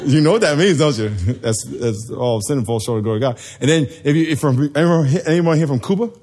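A man's voice: medium pitch, lively intonation, fast, darkish tone. A man preaching a sermon to a live congregation, joking and quizzing the people in front of him. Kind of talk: sermon with call and response.

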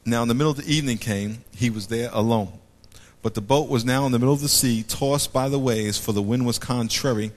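A man preaching a sermon, animated, acting out voices and swinging between loud and hushed. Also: medium pitch. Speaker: pastor. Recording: long hall reverb.

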